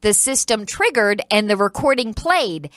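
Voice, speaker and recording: A woman's voice: medium pitch, expressive, moderate pace, a bit bright, no room sound, clean studio sound. A woman radio host chatting about the week's odd news stories, reading quotes and riffing with her co-host. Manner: reads news quotes then riffs, laughs easily. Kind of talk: casual news chat. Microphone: studio microphone.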